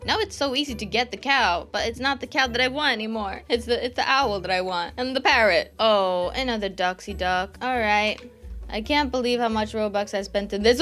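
A woman doing excited gameplay commentary, gushing over cute pets and pleading for rare ones. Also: on the high side. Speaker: gaming YouTuber. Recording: faint background music.

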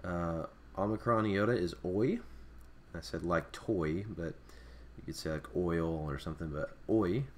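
A man's voice: low voice, a little hiss or hum. A man teaching a recorded Greek alphabet lesson, explaining off the cuff with many fillers and restarts. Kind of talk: screen-recorded language lesson.

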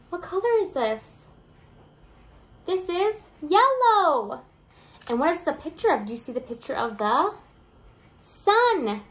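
In a high, somewhat bright voice, a young woman teacher gives a read-aloud lesson to little children. She keeps a sing-song, encouraging tone and asks them questions while reading the picture book.

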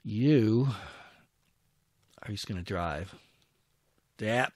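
A man's voice: on the low side, animated, drawn-out words, a little mellow, no echo. A man commentating his own strategy war game, talking to his units and grumbling when attacks go wrong. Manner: muttering, self-talking, grumbling at setbacks. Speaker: gameplay commentator.

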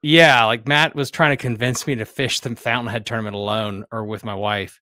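A man hosting a fishing podcast in casual chat, relaxed, laughing easily and reading out comments. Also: medium pitch, brisk, no room sound, clean studio sound. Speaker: podcast host.

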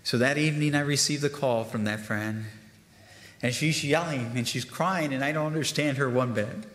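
A man's voice: medium pitch, normal speed, a bit bright. A man preaching a sermon as a guest speaker, fervent and emphatic, with a Spanish-speaking bilingual accent. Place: church sanctuary. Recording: echoey church with long reverb.

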